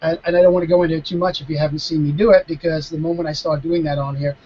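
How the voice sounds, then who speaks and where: A man in his fifties, a mentalist guest, explaining his craft in a live video Q&A with emphatic, animated storytelling and frequent restarts. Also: fairly high pitch, racing, slightly rough, lo-fi sound. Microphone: video call.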